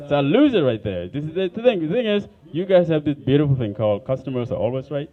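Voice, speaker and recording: Male stand-up comic, African accent, blunt profane delivery, lively pitch, slightly muffled club recording. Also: fast, few pauses, a faint crowd. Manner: blunt, profane, animated storytelling. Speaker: stand-up comedian. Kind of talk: stand-up comedy set. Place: comedy club stage.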